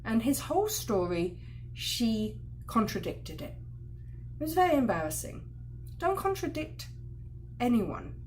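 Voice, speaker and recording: A woman teaching a class on respect in marriage and family, lively and expressive, acting out quoted voices with sudden loud bursts. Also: on the high side, unhurried, pauses often, a little hiss or hum.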